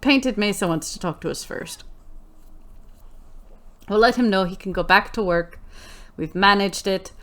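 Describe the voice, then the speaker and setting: A woman's voice: mid-range voice, unhurried, long pauses, a bit bright. A woman doing let's play commentary in character, playful and theatrical, often repeating her own lines.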